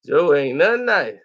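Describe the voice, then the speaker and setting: A man vlogger giving comedic reaction commentary. He laughs often and acts out the people he talks about. The recording sounds dull and lo-fi. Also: fairly high pitch.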